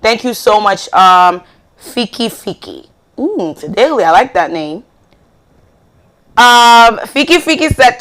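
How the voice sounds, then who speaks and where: A woman from Ghana hosts a live call-in show in a mid-range voice. She chats loosely, laughs often and reads out viewers' comments and shout-outs, with plenty of fillers. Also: medium pitch, animated, slow.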